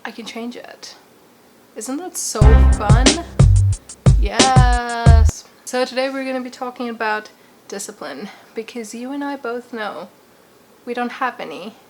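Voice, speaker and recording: A woman's voice: fairly high pitch, unhurried, loud music behind the voice. A woman with a put-on British accent, talking playfully and mocking herself in a casual vlog. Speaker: YouTuber.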